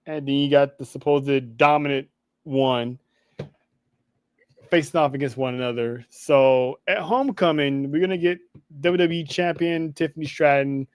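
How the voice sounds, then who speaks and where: A man co-hosting a casual wrestling recap podcast, his voice a bit higher than most men's. He tells each story in an animated way, acting out what people said and laughing along. The sound is dry and close. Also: normal speed, clear, resonant tone, no echo. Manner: animated storytelling, acts out quotes, laughs often. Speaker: podcast co-host.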